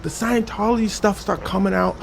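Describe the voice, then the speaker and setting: A man telling a comedic story in a slangy, animated way. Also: high-pitched, brisk, vocal fry, soft background music.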